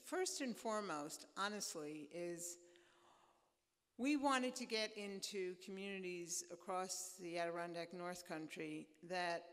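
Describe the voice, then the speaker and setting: A public radio presenter speaks to a live audience about a project. The pitch sits in the middle. A long reverb trails the voice through the church. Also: fairly bright tone.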